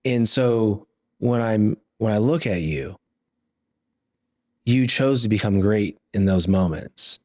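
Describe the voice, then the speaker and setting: Male host: encouraging, affirming, low-pitched, dry close sound. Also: darkish tone, dry recording. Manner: encouraging, affirming, laughs easily. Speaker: podcast host. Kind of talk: interview conversation.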